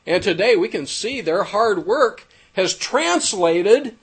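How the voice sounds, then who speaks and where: Slow, high-voiced man reading formally. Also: animated, slightly rough. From United States. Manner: formal, measured, ornate wording. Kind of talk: reading a prepared text aloud.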